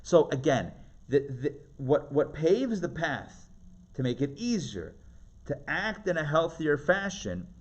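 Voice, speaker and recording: A man teaching a live class as a rabbi, his voice fairly high for a man and swinging widely in pitch. He talks in a chatty, animated way, keeps checking in with his listeners and laughs easily. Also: slow, slightly rough, muffled recording. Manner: animated, chatty, asks the audience questions, laughs often.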